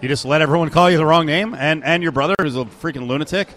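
A man's voice: on the high side, quick pace, fairly bright tone, a little hiss or hum. A man co-hosting a sports radio show, bantering casually with a sarcastic, joking edge.

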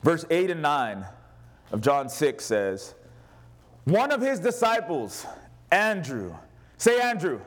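A man preaching a sermon as pastor, animated, acting out the voices of the people in his stories. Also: fairly high pitch, slow pace, long pauses. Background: congregation responding.

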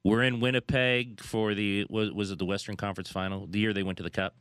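A man co-hosting a sports radio show, telling stories in a lively, laughing way. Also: on the low side, fast, clear, resonant tone, dry recording. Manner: animated storyteller, laughs often. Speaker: radio co-host. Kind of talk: casual sports radio chat.

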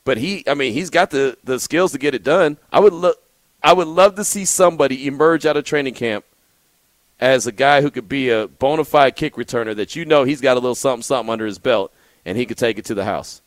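A man's voice: mid-range voice, fast, no echo. A man hosting a call-in sports radio show, chatty, often laughing and restarting his sentences.

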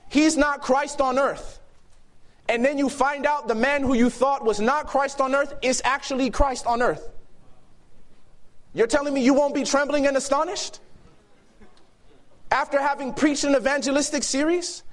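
A man preaching a sermon to a youth gathering, emphatic and shifting between loud and hushed delivery. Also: very high-pitched. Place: youth camp meeting hall.

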